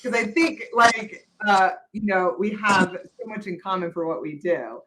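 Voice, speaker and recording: A woman's voice: medium pitch, measured pace, fairly bright tone, rough recording. A woman veterinarian hosting an interview, talking casually and rambling, correcting herself often with lots of fillers. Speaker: veterinarian host.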